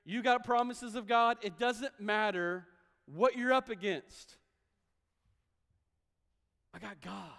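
A man's voice: sits high, slow pace, creaky, long pauses, a bit bright. A man preaching a sermon as a pastor, in a conversational style, acting out the voices of the people he quotes. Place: church sanctuary. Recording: long hall reverb.

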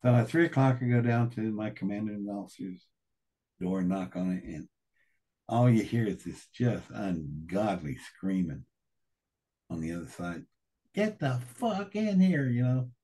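Husky-voiced man telling a colorful story. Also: deep voice, moderate pace, warm tone. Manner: colorful, profane, acts out voices. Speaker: guest. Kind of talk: storytelling interview.

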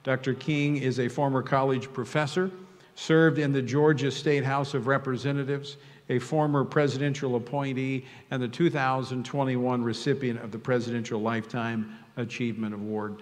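A man's voice: medium pitch, little pitch movement, moderate pace. Man introducing speakers in a church hall. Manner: warm formal introductions, lifting on names and titles. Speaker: event host.

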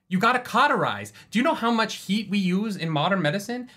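Man animated, bright-voiced podcast host. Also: high-pitched, brisk. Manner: animated, swears freely. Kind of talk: casual livestream book chat.

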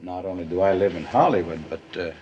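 An actor playing a smooth-talking, scheming young man who coaxes and snaps in a 1950s film comedy. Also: deep voice, fast, a little mellow, lo-fi sound, close to an everyday voice. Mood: coaxing. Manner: glib and coaxing, turns snappish. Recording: hissy old film soundtrack.

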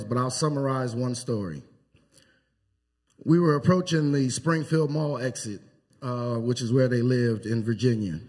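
A man giving a funeral eulogy in a church, telling anecdotes with pauses. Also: mid-range voice, darkish tone, husky. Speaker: eulogy speaker. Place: church sanctuary.

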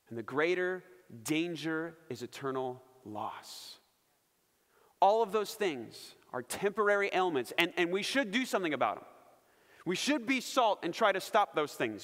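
A man preaching a sermon from the front of a church, passionate and emphatic. His voice sits a bit high for a man and swells loud on his key points before dropping low and quiet. Long reverb from the hall trails behind every phrase. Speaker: pastor. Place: church sanctuary.

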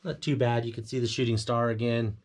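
A man's voice: medium pitch, steady tone, brisk. A man giving a casual walkthrough of a home theater build, explaining things plainly with fillers and self-corrections. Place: home theater room, indoors.

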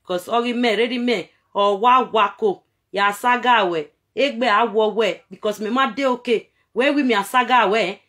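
A woman's voice: on the high side, normal speed, a bit bright. A Nigerian woman vlogging straight to camera in a repetitive, scolding rant, switching between Pidgin and local-language phrases.

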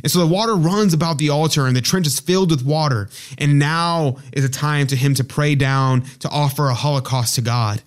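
A man's voice: fairly high pitch, brisk, hardly any pauses. Rambling man telling a Bible story. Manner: rambling, with many fillers and restarts. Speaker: podcast host. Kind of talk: casual storytelling talk on scripture.

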